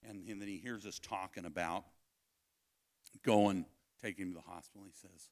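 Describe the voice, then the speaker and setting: A man preaching a sermon at a family camp, telling a personal story, swinging between loud calls and hushed asides. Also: low voice, steady tone, normal speed, pauses often.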